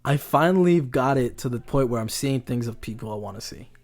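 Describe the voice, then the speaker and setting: This is a young man co-hosting a casual podcast, chatting loosely and telling rambling stories. He often restarts his sentences, and his pitch sits in the middle for a man. His delivery is animated. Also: a little fast. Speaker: podcast co-host. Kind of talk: casual chat.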